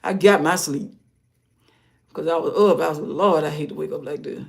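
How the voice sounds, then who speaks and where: Older woman with a gravelly voice. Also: low voice, normal speed. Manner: rambling, warm-hearted, drifts into soft murmurs. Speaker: livestream host. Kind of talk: casual rambling livestream talk about faith.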